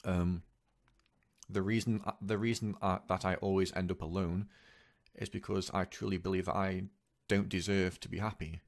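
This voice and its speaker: Man, personal confessional vlog, halting and repetitive, earnest, lowish pitch. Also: level tone. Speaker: vlogger.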